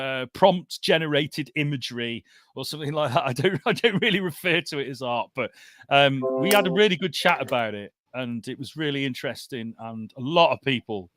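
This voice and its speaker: A man's voice: medium pitch, a bit bright, no room sound, clean studio sound. A man hosting a live comics podcast over a video call, chatty and laughing often. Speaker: podcast host. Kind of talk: casual live show chat.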